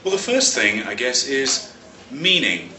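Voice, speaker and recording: A London man who teaches English and trains teachers gives an explanatory vocabulary lesson in a bright voice with lively, rising and falling pitch. He speaks clearly and at a measured pace, stressing key words. The mic is at a distance in an echoey room, with slight background noise.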